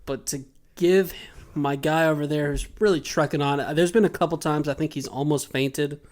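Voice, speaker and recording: A man hosting a comedy podcast, telling crude stories loudly with deadpan punchlines. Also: fairly high pitch, normal speed. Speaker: podcast host. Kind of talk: comedic casual chat and storytelling.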